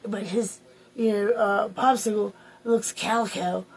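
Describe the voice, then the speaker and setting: A woman's voice: medium pitch, fairly even intonation, a little slow, vocal fry, slightly rough, poor audio. A woman hosting a casual story time, telling crude, rambling stories among friends. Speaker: host.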